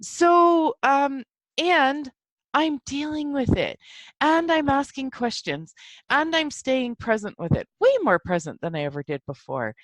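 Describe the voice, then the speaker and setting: A woman's voice: high voice, sing-song, a little slow, no room sound. A woman hosting her own podcast, talking casually in a rambling, chatty way with many fillers and an encouraging self-help tone. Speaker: podcast host. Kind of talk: casual solo talk.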